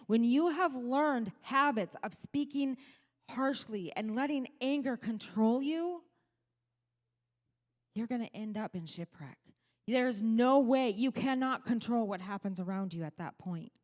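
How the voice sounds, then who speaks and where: Middle-aged woman pastor, fairly high voice, earnest preaching, long church-hall reverb. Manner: earnest, quotes people in lively put-on voices. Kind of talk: sermon. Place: church sanctuary.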